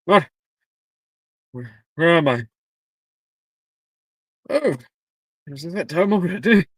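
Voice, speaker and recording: A man voicing a flustered, half-asleep magical talking hat, loud and startled. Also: a little high, animated, takes it slowly, slightly rough, no echo, clean studio sound, voice pushed up, exaggerated voice.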